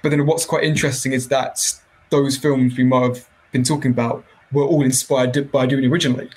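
A man who is a podcast guest, talking about a film in a relaxed, rambling way. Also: mid-range voice, a little fast, poor audio. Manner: relaxed, rambling, laughs easily. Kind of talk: casual film review chat.

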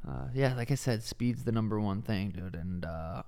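A man's voice: on the low side, animated, moderate pace, vocal fry, background noise. A young man co-hosting a casual podcast chat, talking loosely and confidently with plenty of swearing. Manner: loose, profane, confident banter. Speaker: podcast co-host, fighter.

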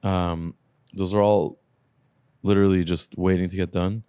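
A laid-back man talking casually on a podcast, his voice low and mellow. He rattles off lists and drops the odd swear word. The sound is close and dry. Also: level tone, normal speed, clear, resonant tone, no echo. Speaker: podcast co-host, car shop owner.

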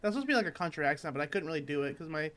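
A young Michigan man co-hosts a comedy podcast, chatting casually as he tells a long, rambling, foul-mouthed story that keeps starting over. He sounds tired, as if his voice hasn't warmed up yet, yet it's slightly high, expressive, and very fast.

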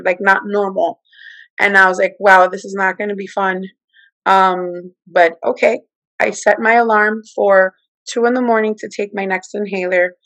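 A middle-aged woman telling a personal story in casual, animated talk, acting out what people said. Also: dry recording, low-quality recording. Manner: animated, acts out quoted speech with big pitch jumps. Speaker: guest telling her testimony.

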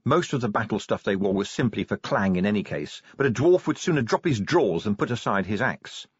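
Male audiobook narrator, husky, lively delivery, dull dry recording. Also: on the low side, fairly quick, no room sound.

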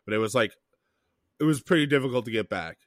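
A man's voice: medium pitch, expressive, quick pace, no echo, studio quality. A man from Canada co-hosting a podcast, telling a travel story in a profane, ranting way. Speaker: podcast co-host. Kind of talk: casual chat.

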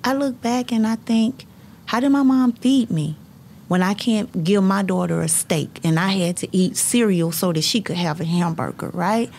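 A middle-aged woman, a high school counselor, telling personal stories in an earnest, faith-filled way and breaking into laughter. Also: moderate pace, vocal fry, few pauses, darkish tone, a little hiss or hum. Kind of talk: personal storytelling in conversation.

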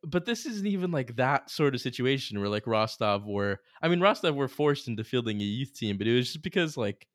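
A young man chatting on a podcast, his talk full of fillers and restarts. He turns animated and laughs easily, at a middling pitch. The recording is dry, with no room sound. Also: fairly quick, hardly any pauses, dry recording. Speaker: podcast co-host. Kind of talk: casual chat.

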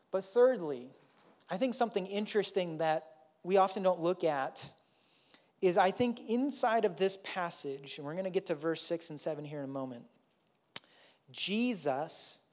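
High-voiced man preaching. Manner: conversational, animated, often asks "right?". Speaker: pastor. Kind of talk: sermon. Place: church.

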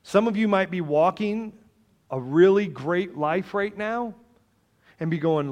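Animated joking man preaching a sermon. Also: sits high, a little slow. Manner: animated, joking, swings between loud and soft. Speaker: pastor.

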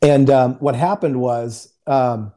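A man, a guest minister on a video call, telling a testimony in a lively, joking way and acting out the quotes. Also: medium pitch, slow pace. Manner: animated, joking, acts out quotes. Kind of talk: casual storytelling testimony. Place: home in Houston. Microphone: remote video call.

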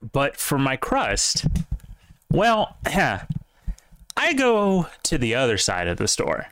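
A laid-back man hosts a casual podcast chat, teasing his friends, with a swinging, animated pitch. His voice is smooth and resonant, with dry sound close to the mic. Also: slow pace, no echo.

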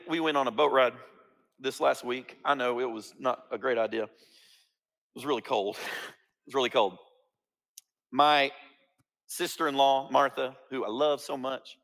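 A man's voice: fairly high pitch, sharp tone. A man preaching a sermon, acting out quoted lines with jokey asides. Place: church sanctuary. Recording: reverberant church hall.

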